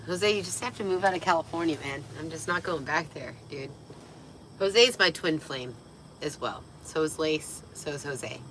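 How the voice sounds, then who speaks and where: A giggly, excitable woman chats on a livestream from inside a parked vehicle, tipsy and swearing freely, with a slightly worn, lost voice. Her voice sits a bit low but has a bright, forceful edge. A faint hum of noise runs underneath. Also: moderate pace, low-quality recording. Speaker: livestream host. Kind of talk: tipsy casual livestream chat.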